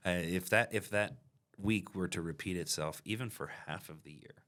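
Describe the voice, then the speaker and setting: Roofing company owner guy, deep voice, laid back reflective podcast talk. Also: normal speed, fairly bright tone. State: has the hiccups. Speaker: business owner and podcast host. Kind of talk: casual business podcast chat.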